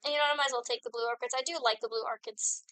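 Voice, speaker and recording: A woman's voice: fairly high pitch, steady tone, very fast, bright, forceful tone, smooth, poor audio. A young woman streaming a game, chatting casually and giddily to herself and her chat as she plays. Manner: giddy, rambling, talks to herself while playing.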